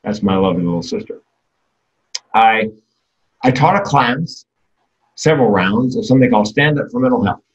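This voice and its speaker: A man's voice: mid-range voice, expressive, moderate pace, long pauses, highs cut off. A man in his sixties giving a comedic keynote talk, candid and darkly self-deprecating.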